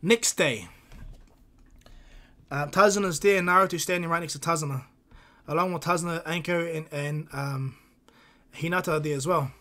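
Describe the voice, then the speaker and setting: A man's voice: fairly high pitch, moderate pace, pauses often, sharp tone. A man improvising a fan fiction story aloud, rambling with many fillers and restarts.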